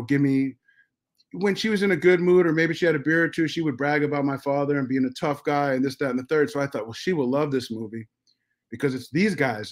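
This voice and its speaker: Profane, animated middle-aged male storyteller. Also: mid-range voice. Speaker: podcast guest. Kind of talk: casual storytelling.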